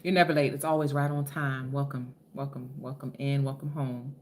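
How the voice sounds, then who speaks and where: A woman from Philadelphia, USA hosts a casual live stream in a bass voice with little pitch movement, talking at normal speed with hardly any pauses. She's chatty and effusive, greets viewers by name, and swears freely over slight background noise.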